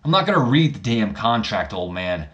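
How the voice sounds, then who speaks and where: A cocky young heir who talks back to his father in a lowish voice, sure he is about to win it all, as a man acts him out for a wrestling game playthrough. Defiant and brash, he snaps at every challenge. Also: sing-song, normal speed, fairly bright tone, lo-fi sound.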